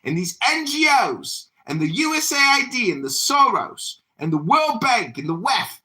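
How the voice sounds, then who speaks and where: A man's voice: very high-pitched, very animated, moderate pace, sharp tone. A man, a political candidate, putting on a British accent and giving a pompous, ranting campaign speech in an online audio room. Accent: put-on British.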